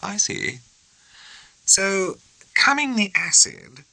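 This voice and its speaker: A grave, exceedingly courteous young officer speaks in careful, formal phrases, as voiced by a male narrator. The tone is bright and the pitch moves in a lively way. The sound is dry and close. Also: takes it slowly, gravelly, no echo, exaggerated voice, rough recording. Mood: formal puzzled.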